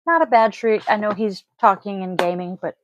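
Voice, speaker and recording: A woman's voice: medium pitch, normal speed, muffled recording, background noise. A woman hosting a daily tarot and oracle card reading, talking casually with blunt swearing and rambling asides. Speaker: tarot reader and host. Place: home, family audible off-mic.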